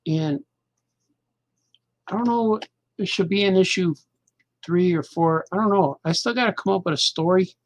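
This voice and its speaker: A man's voice: high-pitched, normal speed, pauses often, a little hiss or hum. A middle-aged man hosting a casual show as a cartoonist, rambling and joking loosely, half talking to himself while he draws. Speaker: cartoonist and podcast host.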